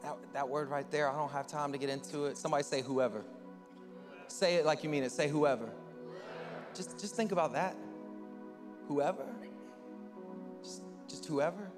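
Animated preacher in a reverberant hall. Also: male voice, fairly high pitch, brisk. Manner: animated preaching, voice rising loud then dropping quiet. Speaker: pastor. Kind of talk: sermon. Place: church sanctuary. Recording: large hall with long reverb, soft music behind.

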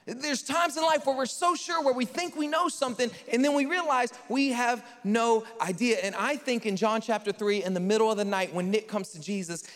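Animated high-voiced male pastor in a reverberant hall. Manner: animated storytelling, addresses the congregation. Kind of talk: sermon. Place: church hall.

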